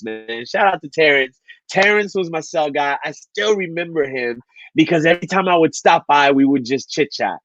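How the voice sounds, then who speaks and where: A man telling a motivational story at an online event, animated and acting out the dialogue as he goes. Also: mid-range voice, dry recording, lo-fi sound. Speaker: speaker at a men's online event.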